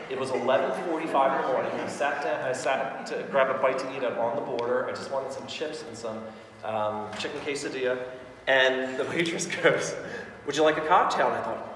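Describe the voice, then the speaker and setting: A bright, lively man leads a live sales training from the front of a big hall, chatty and laughing easily as he tells stories. His voice reaches the mic from a distance, with a long echo off the walls. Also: medium pitch, slight background noise. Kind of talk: live training talk to an audience. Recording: echoey hall recorded from far off.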